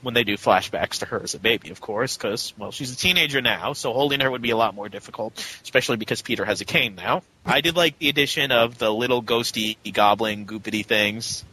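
A chatty man co-hosting a casual comic book podcast, his voice bright and forceful. He talks in a loose, animated way and slips into quick mock voices. A faint hiss of noise sits under the recording. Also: medium pitch, poor audio. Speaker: podcast co-host.

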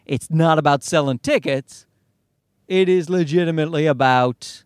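A man's voice: fairly high pitch, normal speed, clean tone, no room sound, clean studio sound. A man hosting a comedy podcast, ranting in a worked-up way and swearing freely. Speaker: podcast host.

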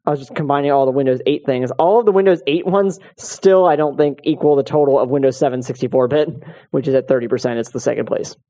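A man's voice: mid-range voice, fast, mellow. A man co-hosting a casual tech podcast, reading out stats in a dry, matter-of-fact way. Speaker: podcast co-host.

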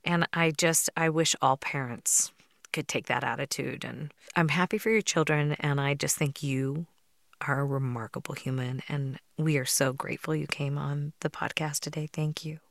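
A woman's voice: low-pitched, fairly even intonation, moderate pace, no echo, studio quality. A woman hosting a podcast interview, heartfelt and tearful as she praises her guest. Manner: emotional, tearful while reading aloud. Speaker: podcast host.

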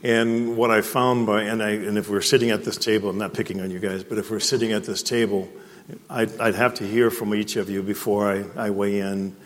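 A man with a lowish voice speaks as a guest executive before a breakfast crowd. He talks plainly and repeats words while he finds them. The sound carries a long hall reverb. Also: little pitch movement, brisk. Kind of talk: talk to a live breakfast audience. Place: event hall.

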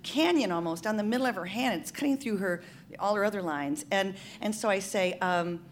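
A woman telling a comic story live, in an animated style, often laughing through her lines. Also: mid-range voice, a little fast, slight background noise.

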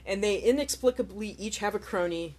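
A woman's voice: mid-range voice, brisk. A woman chatting casually about a movie, rambling with fillers and amused asides, sounding tired. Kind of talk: casual film chat.

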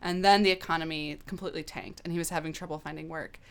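A woman in her thirties tells a personal story in a relaxed, open way, dropping casual swear words. Her voice is fairly low and sounds smooth and clean. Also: fast. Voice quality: candid, animated, swears casually. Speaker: guest.

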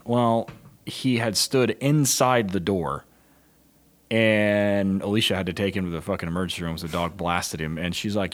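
Deep male police canine trainer; casual, profane, animated storyteller who acts out the quotes. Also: moderate pace. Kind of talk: casual podcast chat.

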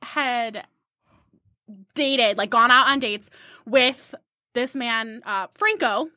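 A woman's voice: on the high side, lively intonation, slow pace, sharp tone, no room sound, studio quality. A young woman telling a dating story in a casual chat, wandering off and backtracking as she goes. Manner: rambling storyteller, backtracks a lot.

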